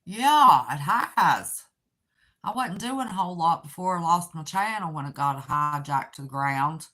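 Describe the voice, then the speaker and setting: Speaking a little slowly in a low, slightly bright voice, a weary middle-aged woman hosts a relaxed livestream, animated as she rambles and reads out comments from viewers. She's from Southern West Virginia and has an accent all her own.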